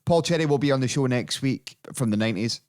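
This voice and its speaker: A man's voice: medium pitch, fast, darkish tone. A man co-hosting a casual podcast, chatty and jokey as he plugs the show. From Scotland. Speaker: podcast co-host.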